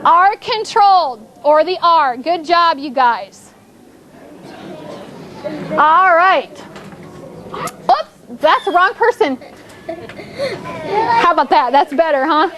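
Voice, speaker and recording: A woman's voice: very high voice, lively intonation, slow, pauses often, crowd noise, noisy background. A woman teaching a fourth grade phonics lesson in a classroom, drawing out her prompts and repeating cues as the class thinks.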